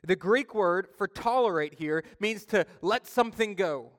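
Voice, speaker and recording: A man preaching a sermon as pastor, telling stories with lively swings between loud emphasis and quiet asides. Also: sits high, measured pace. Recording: long reverb of a church hall.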